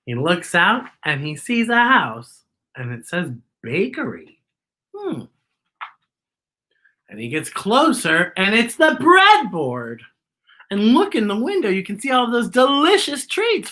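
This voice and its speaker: A woman's voice: medium pitch, big pitch swings, slow, a bit bright. A woman reading a picture book aloud to children, with chatty asides about the illustrations. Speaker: children's story reader.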